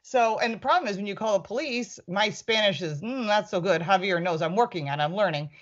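A woman who reviews cars, chatting on a panel and telling a story with lively quoted lines. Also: medium pitch, fairly quick, highs cut off. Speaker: car reviewer with a YouTube channel. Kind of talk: casual panel chat.

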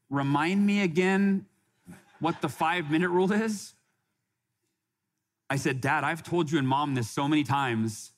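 A man in his forties, a podcast guest, telling a personal story in an earnest way, often restarting and quoting others. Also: mid-range voice. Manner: earnest, with frequent restarts and quoted dialogue.

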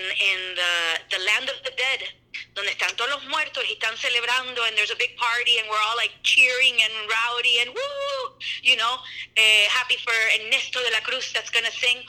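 Upbeat woman voice actor guest, very bright and slightly high, expressive, chatty. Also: rough recording. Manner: animated and expressive, drops in Spanish words. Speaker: voice actor and dancer, podcast guest. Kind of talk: casual interview chat.

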